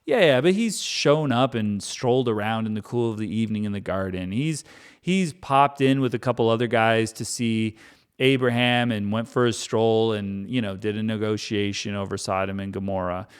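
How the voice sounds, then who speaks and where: A man's voice: lowish voice, normal speed, smooth. A man reading scripture aloud and breaking off into wry, chatty, joking commentary. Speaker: Bible reader and commentator.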